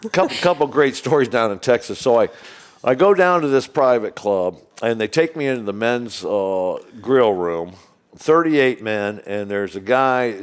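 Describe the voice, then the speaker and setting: A man from Illinois, a golf course owner telling stories as a podcast guest in animated casual talk. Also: fairly low pitch, smooth. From Springfield, Illinois, USA. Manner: animated, acts out other people's lines in quoted speech. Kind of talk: casual storytelling.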